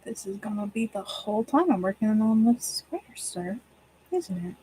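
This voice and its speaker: A woman's voice: medium pitch, lively intonation, normal speed, dark tone, slight background noise, poor audio. A woman streamer chatting casually while she crochets at home, talking fondly and teasingly to her cat. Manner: fond, teasing talk to her pet cat. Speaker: crafting streamer.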